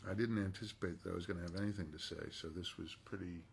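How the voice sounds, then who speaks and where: Gravelly man chatting while signing. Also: low voice, fairly even intonation, fast, slight background noise. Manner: chatty, talks to himself while working. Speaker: voice actor signing autographs. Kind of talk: casual chat while signing.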